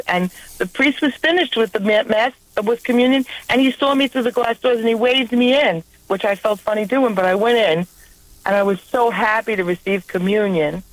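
A woman's voice: mid-range voice, dry recording, rough recording. A woman caller with a New York accent telling a personal faith story on a call-in radio show, earnest and heartfelt. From New York area. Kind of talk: call-in testimony.

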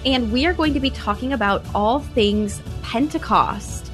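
A woman's voice: on the high side, moderate pace, over music. A woman hosting a radio show, cheerfully thanking guests and listeners and laughing at her own jokes.

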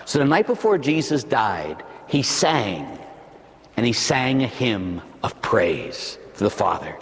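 A priest delivering a dramatic, emphatic sermon, building up to loud shouts. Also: male voice, mid-range voice, big pitch swings, slow pace, big-room sound.

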